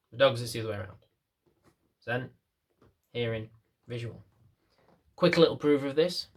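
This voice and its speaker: A man working as a dog trainer, explaining to camera in a chatty way, repeating phrases and acting out little scenes. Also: medium pitch. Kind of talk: casual explainer talk to camera.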